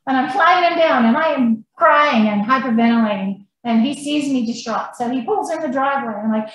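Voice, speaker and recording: A woman on a podcast telling a story in an animated, blunt manner and swearing freely. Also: high-pitched, fairly quick, hardly any pauses. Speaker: podcast guest. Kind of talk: casual storytelling. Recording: very echoey room, faint noise.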